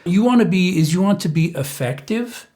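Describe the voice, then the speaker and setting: A man's voice: high voice, animated, moderate pace, dark tone. A middle-aged man hosting a parenting channel, giving casual, conversational advice to camera with frequent fillers and restarts.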